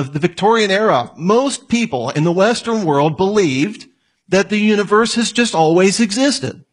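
A man's voice: high-pitched, husky. A man giving a conversational lecture, asking his listeners questions and adding joking asides. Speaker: apologetics teacher. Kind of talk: lecture on evidence.

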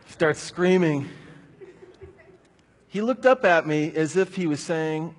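A man's voice: on the high side, takes it slowly, pauses often. A man preaching a sermon, telling a personal story in a conversational way before drawing his point from it. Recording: long hall reverb.

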